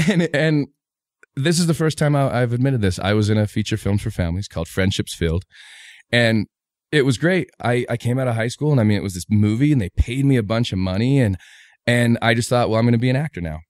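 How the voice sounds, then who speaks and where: A man's voice: medium pitch, brisk, dry recording, clean studio sound. A man in his forties, a guest comedian, telling stories in a loose, rambling way on a casual podcast. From Utah, USA. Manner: rambling, animated storyteller with many restarts. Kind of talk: casual podcast chat, storytelling.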